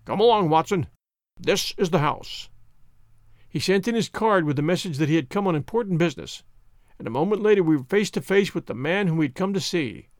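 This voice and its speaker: A man narrating a classic detective story for an audiobook in a measured storytelling way, on a close mic. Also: sits high, animated, dry recording.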